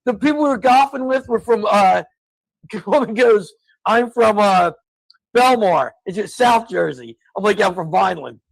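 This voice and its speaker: A man's voice: high voice, expressive, moderate pace, vocal fry, dry recording, rough recording. A man co-hosting a casual podcast, telling stories and ranting in exasperated bursts. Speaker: co-host.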